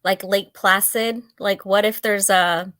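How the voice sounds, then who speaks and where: Give me a woman with a very bright, forward voice in a casual podcast chat, recorded dry. She chimes in with playful asides. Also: mid-range voice, fairly even intonation, measured pace, no room sound.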